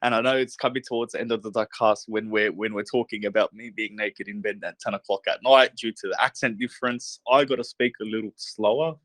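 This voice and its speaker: Excitable young man hosting a livestream. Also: lowish voice, a little fast, few pauses, dry recording. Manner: excitable hype, says he gets pumped and could start yelling. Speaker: podcast host. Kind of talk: casual live talk show.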